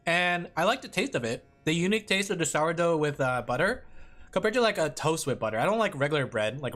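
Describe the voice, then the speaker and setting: A woman streamer chatting casually and rambling with lots of fillers, excitable and quick to laugh. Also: lowish voice. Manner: excitable, breaks into laughs and shouts. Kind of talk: casual live-stream chat.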